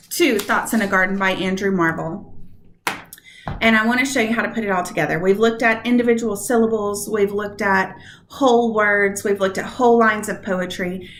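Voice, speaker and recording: A woman teacher giving a recorded lesson on poetry meter, walking through stress patterns slowly and step by step. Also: mid-range voice, echoey room, a little hiss or hum.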